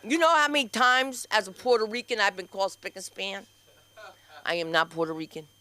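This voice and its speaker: A woman doing a stand-up comedy set and hosting an open mic, loud and animated, acting out the people in her stories. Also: mid-range voice, brisk. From New York. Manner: loud, animated storytelling with acted-out quotes. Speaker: comedian and host. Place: small comedy club stage.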